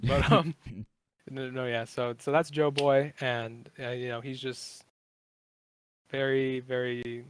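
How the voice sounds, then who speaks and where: A man's voice: medium pitch, little pitch movement, a little slow, a little hiss or hum. A man in his twenties, a podcast guest, chatting casually in a rambling, profane way with many fillers. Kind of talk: casual chat.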